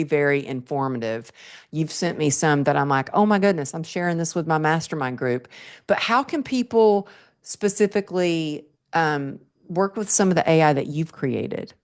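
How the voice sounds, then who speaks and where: A middle-aged woman with a twang hosts a casual podcast interview. Her voice sits low, and she talks in an enthusiastic, storytelling way, drifting easily from tip to anecdote. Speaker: podcast host.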